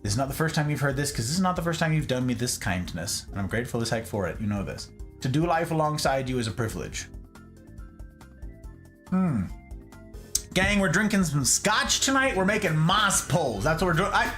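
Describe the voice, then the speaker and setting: Animated, playful male streamer. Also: fairly high pitch, moderate pace, soft background music. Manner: playful, animated greetings to viewers. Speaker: live-stream host. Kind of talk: casual live-stream chat.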